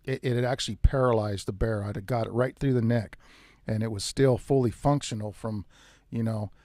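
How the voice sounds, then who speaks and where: A man telling a tense first-person hunting story in a casual, animated way, with some mild swearing. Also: on the low side, a little fast, no echo, studio quality. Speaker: outdoors storyteller.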